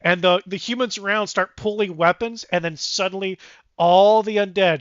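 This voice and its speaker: A man narrating a tabletop game as game master, animated with sound effects. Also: high-pitched, moderate pace, dry recording, lo-fi sound.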